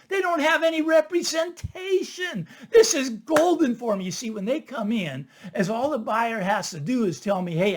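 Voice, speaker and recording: An older man talks casually to his viewers, his pitch swinging up and down with lively emphasis. He repeats key lines to drive them home and lets out a chuckle here and there. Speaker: real estate listing agent. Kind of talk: casual monologue to camera.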